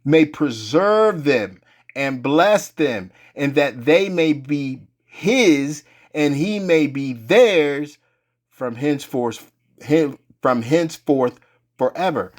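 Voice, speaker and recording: Slow, emphatic preacher firing rhetorical questions. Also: mid-range voice, animated, darkish tone. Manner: colloquial, restarts mid-phrase. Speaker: religious teacher. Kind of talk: informal sermon.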